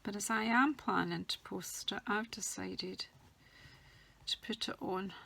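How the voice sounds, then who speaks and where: A woman's voice: mid-range voice, unhurried, gravelly, a little hiss or hum. Chatty woman crafting. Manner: chatty, talks while working, drifts soft and quiet when concentrating. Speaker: craft demonstrator. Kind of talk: casual crafting tutorial.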